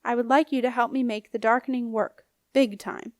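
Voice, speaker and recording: A woman's voice: a little high, fairly even intonation, normal speed, no room sound, clean studio sound, close to an everyday voice. Woman voicing a nervous scheming teenage boy. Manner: faltering, timid, then eager. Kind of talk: audiobook character reading.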